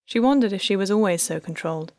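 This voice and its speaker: A woman narrating an audiobook in a soft, measured way. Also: animated, no room sound. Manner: soft, measured, lowered narration between dialogue.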